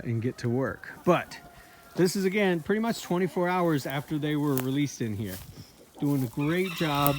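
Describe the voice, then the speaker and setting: Chatty farmer man, lively voice. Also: a little high. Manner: chatty, talks affectionately to his chickens. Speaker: farmer and video host. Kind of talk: casual walk-and-talk vlog. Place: outdoors in a pasture. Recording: outdoor farm recording with noisy background. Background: chickens clucking and roosters crowing.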